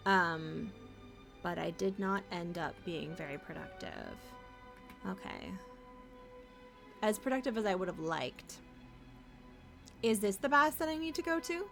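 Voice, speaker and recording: A woman's voice: mid-range voice, expressive, unhurried, creaky, pauses often, fairly bright tone, soft background music. A young woman casually chatting as she streams a video game, playful and talkative. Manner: chatty, playful, talks to chat and pets. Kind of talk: casual gameplay commentary.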